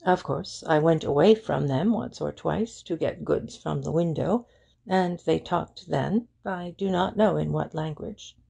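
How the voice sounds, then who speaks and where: A woman with a low, gravelly, husky voice plays an eager young shop girl at a measured pace, fully in character. She chats readily and comes across lively and helpful, sprinkling French phrases into her talk.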